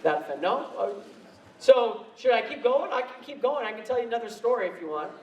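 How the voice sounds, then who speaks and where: A man's voice: very high-pitched, sing-song, a little fast, darkish tone, distant mic, lo-fi sound, slight background noise. A man speaking on stage at a convention, telling laughing, self-mocking anecdotes into a handheld mic, recorded in an echoey hall from afar. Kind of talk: storytelling convention talk.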